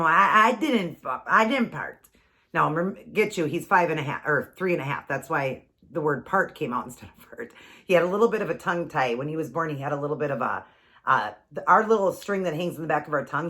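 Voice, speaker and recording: A woman in her forties chatting casually as a keto vlogger, rambling through a story with frequent laughs and a runny nose. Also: deep voice. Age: 40s. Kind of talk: casual storytelling while eating.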